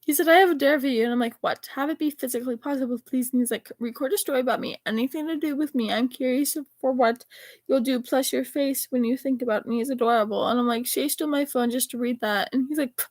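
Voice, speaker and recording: High-pitched teen girl reading texts. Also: fast talker, dry recording. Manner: animated, rambling, swears casually. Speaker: vlogger reading her text messages aloud. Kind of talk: casual chat reading out texts.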